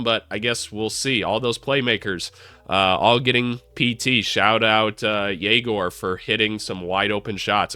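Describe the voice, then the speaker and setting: A man with a hoarse, worn-out voice from being sick talks through basketball takes in a loose, joking, profane way. His voice sits low yet comes across bright and forceful. The sound is dry and close, with no room around it. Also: no echo. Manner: joking, profane, self-deprecating. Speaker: basketball commentary channel host. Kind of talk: casual sports commentary.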